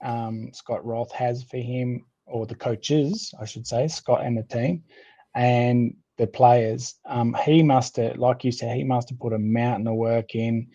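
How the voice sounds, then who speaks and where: Aussie guy co-hosting, mellow voice, jokes around a lot, kinda muffled lo-fi audio. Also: mid-range voice, unhurried. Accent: Australian. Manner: jokey, laughs often, relaxed slang. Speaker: podcast co-host. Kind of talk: casual sports podcast chat. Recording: slightly dull lo-fi sound.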